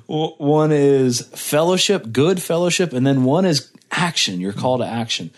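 An enthusiastic man hosts a casual podcast in a middle-pitched voice. He talks loosely and often says "man" and "wow". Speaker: podcast host.

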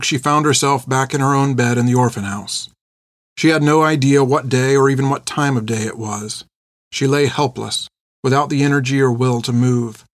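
Steady and measured, a man of medium pitch reads an audiobook. The recording is dry, with clean studio sound.

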